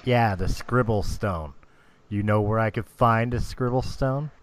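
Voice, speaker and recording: A man voicing a haughty male drow noble who speaks in a loud, imperious, cold tone. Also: on the low side, unhurried, dry recording, lightly acted. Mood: curt.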